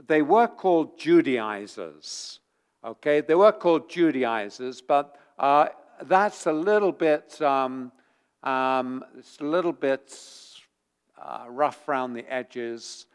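A man's voice: fairly high pitch, clean tone. A man preaching a sermon, repeating his points and growing heated as he drives them home. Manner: animated, repeats points with rising force. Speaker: pastor.

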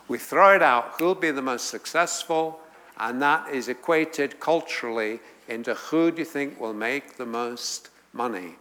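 A middle-aged male preacher teaches slowly and deliberately, pausing on fillers and restarting his thoughts. His voice is bright and clear, lifting with emphasis whenever he quotes scripture. The sound carries a long reverb from a large hall. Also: a little high. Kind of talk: sermon teaching.

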